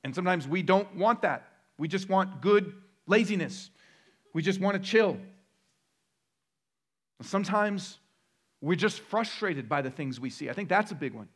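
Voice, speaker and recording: A man's voice: sits high, lively intonation, unhurried, long pauses, fairly bright tone. A middle-aged man, a pastor, preaching a sermon in a conversational way, joking with the crowd and building to emphatic repeated lists.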